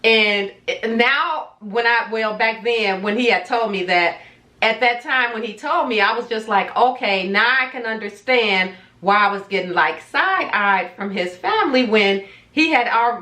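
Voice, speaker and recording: A vlogger relays her personal story in a chatty, dramatic retelling, acting out each quoted voice for viewers. She sounds bright and forceful, pitched on the high side, at normal speed, with a roomy sound.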